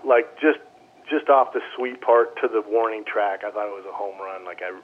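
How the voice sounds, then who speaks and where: A man, a former baseball player, telling animated stories in a casual interview and quoting teammates as he goes. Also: on the low side, normal speed. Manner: animated anecdotes, quoting others in voices. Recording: phone-line audio.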